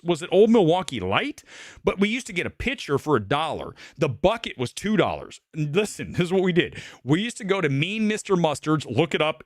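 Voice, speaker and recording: A man's voice: a little high, fairly bright tone, dry recording, studio quality. A middle-aged man from Ohio hosting a movie talk livestream, ranting casually and profanely. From Ohio, USA.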